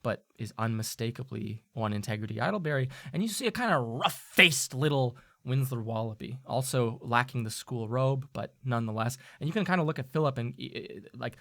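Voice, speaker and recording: Bright-voiced game master narrating. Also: male voice, mid-range voice, brisk, creaky, few pauses, no echo, studio quality. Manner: animated, laughing, many fillers.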